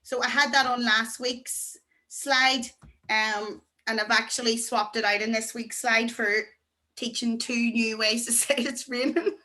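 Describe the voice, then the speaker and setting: A woman teaching to beginners over a video call, chatty and encouraging, slowing down to pronounce words. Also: a little high, steady tone, bright, forceful tone. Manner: chatty, encouraging, slow deliberate pronunciation. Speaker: Irish language teacher. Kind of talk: online beginner class.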